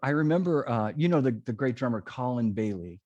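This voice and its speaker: A man hosting an interview podcast, chatting in a relaxed, slightly hesitant way. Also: mid-range voice, brisk, muffled recording, a little hiss or hum. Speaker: podcast host. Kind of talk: casual interview chat.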